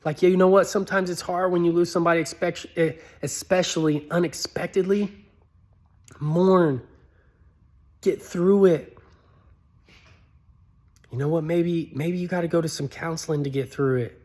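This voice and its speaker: A man telling a personal story in an earnest, pleading way, his voice climbing high when he begs. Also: steady tone, moderate pace, pauses often, darkish tone. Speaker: motivational speaker.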